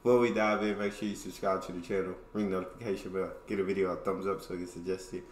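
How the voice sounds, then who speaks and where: A man's voice: deep voice, level tone, fast talker. A man with an American accent hosting a reaction video, talking in casual, upbeat slang. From United States. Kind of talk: reaction commentary. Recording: roomy room, faint background noise.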